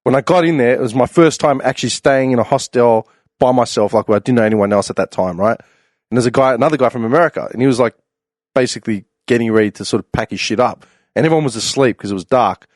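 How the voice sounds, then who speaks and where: A man's voice: medium pitch, fast talker, no echo, studio quality. A man on a podcast panel, casually telling a rambling travel story with plenty of fillers.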